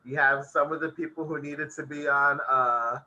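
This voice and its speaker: A man chatting on a casual podcast, recapping an episode in easy, rambling sentences. He laughs often as he goes. His voice is very bright and forceful. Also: fairly high pitch, fairly even intonation, moderate pace, muffled recording. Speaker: podcast co-host.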